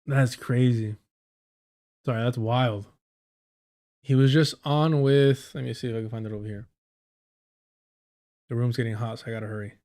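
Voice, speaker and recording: A man's voice: mid-range voice, steady tone, moderate pace, pauses often, a little mellow. A man streaming live and reacting to clips with profane, sarcastic commentary. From United States. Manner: profane, sarcastic, mocking voices of clip figures.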